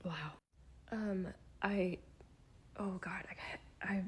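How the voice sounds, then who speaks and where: Woman, psychic vlogger, emotional and tearful, halting breathy delivery, mid-pitched. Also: level tone. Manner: shaky, halting, half-whispered. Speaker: self-described psychic. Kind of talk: emotional spiritual vlog.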